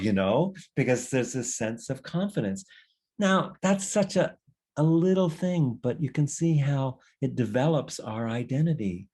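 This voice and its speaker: A man's voice: mid-range voice, animated, a little slow, darkish tone. Male workshop leader, conversational and reflective, meandering delivery. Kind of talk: conversational teaching session.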